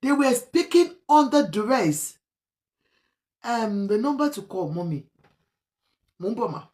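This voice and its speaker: A woman with a Nigerian accent giving emotional video commentary, pleading and at times shouting. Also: fairly high pitch. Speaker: online commentator.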